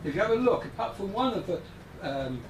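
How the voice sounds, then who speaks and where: A man making halting, polite remarks to a synagogue gathering, stumbling and restarting as he adds points. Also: sits high, very animated. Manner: hesitant, many fillers and restarts, polite. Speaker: synagogue member and Torah scribe. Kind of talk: casual remarks to a congregation. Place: synagogue hall. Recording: echoey hall from far off with noise.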